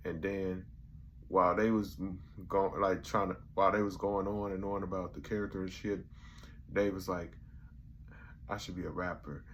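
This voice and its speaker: A young man with a slightly low, bright, forceful voice reviews a comedy episode in loose, casual slang. He retells the scenes and acts out the quotes as he goes. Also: flat delivery, moderate pace, slight background noise. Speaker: YouTube reviewer.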